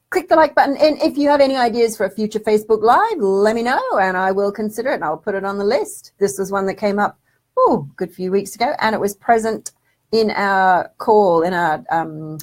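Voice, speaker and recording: A woman's voice: medium pitch, darkish tone. A woman hosting a casual live stream, reading out viewer comments in a chatty, affectionate way and calling viewers darling. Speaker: spiritual development teacher hosting a live stream.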